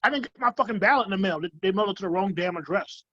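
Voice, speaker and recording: A man's voice: high-pitched, lively intonation, very fast, pushed and bright, no echo. A man co-hosting a podcast in casual, profane, joking chat, laid-back and teasing, on muffled remote call audio. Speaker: podcast co-host.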